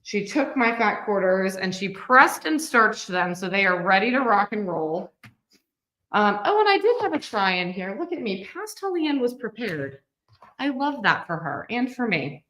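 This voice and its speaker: A woman's voice: medium pitch, sing-song, normal speed, fairly bright tone. A woman, hosting a live-streamed quilting lesson in a chatty, upbeat way and walking viewers through each step. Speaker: quilting teacher and host.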